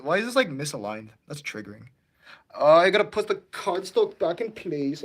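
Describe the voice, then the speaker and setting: A young man streaming his model railway layout in casual commentary, excitable and prone to yelling at the trains. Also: a little high, normal speed. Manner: excitable, yells at toy trains.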